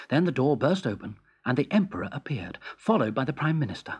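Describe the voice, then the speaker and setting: A storyteller narrating a fairy tale in a clear, expressive reading voice. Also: medium pitch, fast talker, few pauses.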